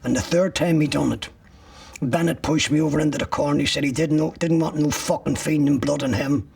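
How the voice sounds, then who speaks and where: A man's voice: fairly high pitch, fairly even intonation, a little fast, gravelly, a little mellow, breathy edge, recorded from a distance. An older man being interviewed, telling a harsh personal story bluntly, with frequent swearing. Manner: blunt, profane, vivid storytelling. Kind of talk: recounting personal ordeal.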